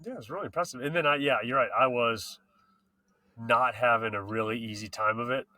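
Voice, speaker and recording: Male podcast host, bright tone, hyped and slangy, casual and profane. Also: medium pitch, brisk, no echo. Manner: excited, slangy, swears freely. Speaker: podcast host and mountain bike racer.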